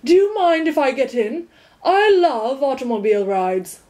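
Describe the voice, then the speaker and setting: A woman's voice: high voice, animated, normal speed, darkish tone, pitched above the performer's own voice. Woman barking as a blustering storybook watchdog. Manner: barking, scolding outbursts. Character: impatient, blustering male watchdog with a clock body. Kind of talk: storybook reading.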